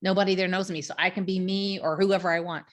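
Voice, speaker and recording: A woman's voice: on the low side, steady tone, fast talker. A woman co-host chatting casually, reflective and fond of "like". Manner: reflective, lots of "like" and encouraging "mm-hmm"s. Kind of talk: casual chat.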